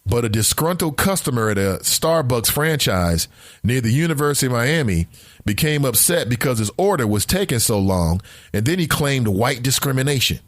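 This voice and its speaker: A man's voice: mid-range voice, expressive, moderate pace, no room sound, studio quality. A man hosting a talk podcast, delivering an emphatic, opinionated monologue and repeating lines for effect. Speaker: podcast host.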